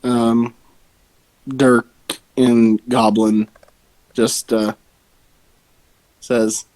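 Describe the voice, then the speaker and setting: Slow, hesitant male player with a lively voice, dry close mic, for a tabletop game. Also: high voice, rough recording. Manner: hesitant, with many fillers. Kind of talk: tabletop role-play.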